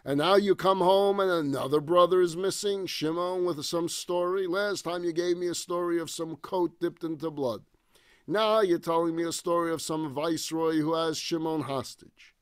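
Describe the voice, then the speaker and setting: Bitter old father mistrusting his sons, read by a man in a fairly high, dry voice. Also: fairly even intonation, moderate pace, smooth, no echo, natural voice. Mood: bitter, anguished. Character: grieving, suspicious old father of many sons.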